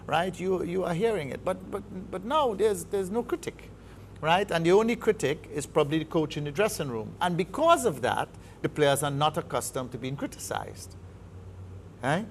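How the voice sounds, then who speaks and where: A man's voice: a little high, expressive, normal speed, a little hiss or hum. A man with a Trinidadian accent, a football coach giving an interview, speaking emphatically and repeating words as he builds his points. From Trinidad and Tobago. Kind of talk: studio interview.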